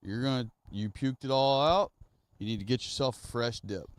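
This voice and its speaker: A man's voice: medium pitch, moderate pace, no room sound, voice pushed up, close to an everyday voice. A man voicing a strict middle-aged mother who scolds insistently. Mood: stern scolding.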